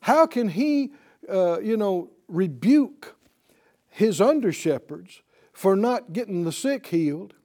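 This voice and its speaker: Male preacher, high voice that swings widely, call-and-response sermon to a live audience. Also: slow. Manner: animated, asks the audience questions for call-and-response. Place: teaching before a live audience.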